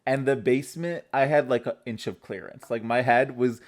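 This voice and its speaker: A man with a raspy, hoarse voice, worn down from fasting, chats casually as a podcast co-host. He tells stories in an animated way and often breaks into laughter mid-sentence. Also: mid-range voice. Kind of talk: casual chat.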